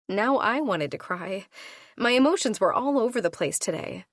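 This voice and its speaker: A woman narrating a first-person audiobook into a studio microphone, playful and expressive in her delivery. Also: mid-range voice, moderate pace, no echo.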